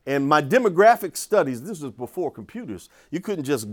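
Older male speaker, somewhat high voice, lively storyteller who restarts his sentences. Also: a little fast. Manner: animated storyteller, frequent restarts and repeated words. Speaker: urban ministry teacher. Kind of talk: storytelling talk to an audience.

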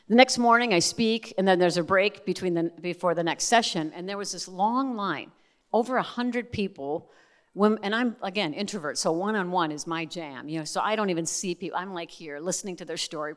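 A woman's voice: fairly low pitch, long reverb tail. A middle-aged woman giving a testimony sermon as a Christian speaker, talking candidly with chatty asides. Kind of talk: testimony sermon to a live audience.

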